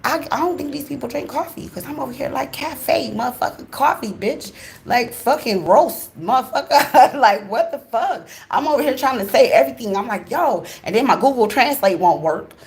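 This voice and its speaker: A woman from the USA, hosting her channel and telling a casual story in a blunt, profane, expressive way straight to her viewers. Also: high voice, normal speed, vocal fry. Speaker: channel host.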